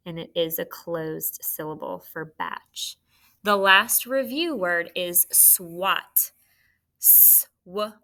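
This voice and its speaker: A woman teacher giving a spelling lesson to children, patient and clear, sounding words out slowly. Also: lowish voice, pushed and bright.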